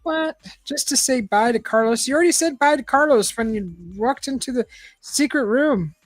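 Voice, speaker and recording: A woman's voice: sits high, normal speed, no echo, faint music behind, poor audio. Chatty woman reading aloud, laughing. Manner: chatty, laughs often, asides between reading. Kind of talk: casual read-aloud chat.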